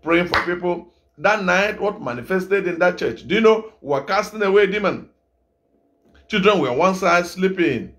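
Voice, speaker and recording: A middle-aged Nigerian evangelist preaching a sermon, repeating phrases and asking the congregation rhetorical questions. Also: male voice, high-pitched, expressive, normal speed, fairly bright tone. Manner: repetitive exhortation, rhetorical questions.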